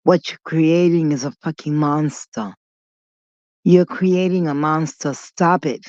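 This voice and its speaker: A woman's voice: deep voice, measured pace, darkish tone, no echo. A woman vlogger telling a long story in a rambling, digressive way, blunt and full of swearing. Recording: dull lo-fi recording.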